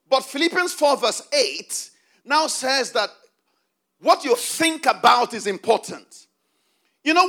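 A man's voice: very high-pitched, pushed and bright. A male preacher delivering a sermon, repeating key phrases for emphasis and calling on the congregation to answer back.

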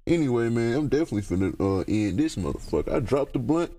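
A man's voice: mid-range voice, animated, fast, dark tone, slight background noise. A young man hosting a casual solo podcast, talking in loose, profane slang and often trailing off into laughter. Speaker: podcast host.

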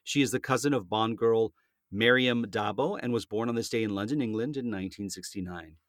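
A man's voice: lowish voice, brisk, a bit bright, no echo, studio quality. A middle-aged man co-hosting a show, reading celebrity birthday notes in a friendly, chatty way with personal asides. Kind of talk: scripted entertainment segment with banter.

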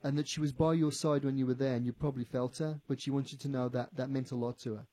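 A man working as a psychic medium on the radio, animated, often repeating himself and quoting what a spirit tells him. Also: medium pitch, fast talker, dry recording. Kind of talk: on-air psychic reading. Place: radio studio.

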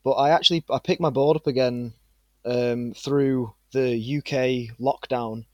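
A man in his twenties with a northern English accent, a guest chatting in a relaxed, rambling way with plenty of fillers. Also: medium pitch, a little slow, dry recording, highs cut off. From England. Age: 20s. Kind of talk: casual interview chat.

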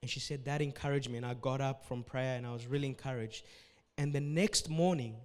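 A man's voice: medium pitch, a little fast, in a large hall. A man preaching as pastor at a church service, giving earnest, repetitive exhortations and closing with a prayer.

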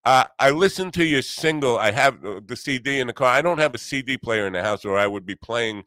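A man's voice: medium pitch, lively intonation, brisk, a bit bright, no room sound. A middle-aged man hosting a podcast, rambling bluntly with lots of swearing and filler words. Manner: blunt, profane, self-deprecating, many fillers. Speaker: podcast host and musician. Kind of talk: casual rambling chat.

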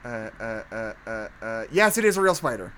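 A woman's voice: a bass voice, sing-song, moderate pace, fairly bright tone, slight background noise. A woman co-hosting a casual movie podcast, swearing freely and reading reviews aloud to her friends. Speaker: podcast co-host.

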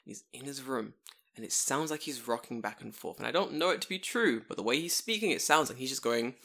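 A young man telling a long story in a casual chat, animated and full of swearing. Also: medium pitch, brisk, vocal fry.

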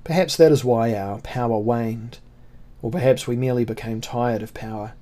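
Man reading as a tired pale sorcerer prince, calm and cool, plain middle-pitched voice. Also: lightly acted. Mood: cool, measured. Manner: calm, measured, detached. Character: weary, cold albino sorcerer prince, adult man. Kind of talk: audiobook character voice.

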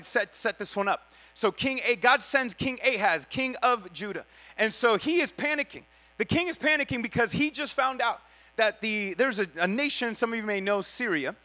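A man's voice: sits high, moderate pace, pushed and bright. A man preaching a casual Bible teaching in a slangy, conversational way, correcting himself as he goes.

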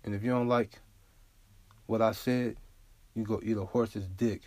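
A man's voice: fairly low pitch, fairly even intonation, unhurried, a little mellow, no room sound. A man hosting a solo podcast, talking bluntly and profanely in a casual, unfiltered way, often asking "you feel me?". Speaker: podcast host.

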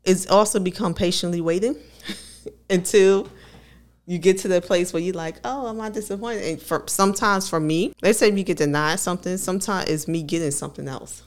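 A woman's voice: fairly low pitch, fairly quick. A woman co-hosting a podcast, talking candidly and laughing often as she tells personal stories. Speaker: podcast co-host. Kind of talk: casual conversational podcast.

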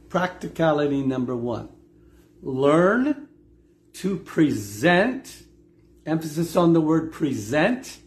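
A man's voice: a little high, a little mellow. A middle-aged man preaching a sermon, emphatic, repeating key phrases and asking the congregation questions.

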